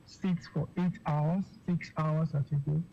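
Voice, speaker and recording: A physician with a Nigerian English accent, a guest on a radio interview, explaining slowly with many fillers, okays and repeated words. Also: medium pitch, steady tone, dark tone. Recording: dull lo-fi radio sound with faint noise.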